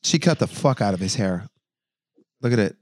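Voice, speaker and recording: Lively teasing male host. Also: fairly low pitch, moderate pace, dry recording, clean studio sound. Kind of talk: casual banter.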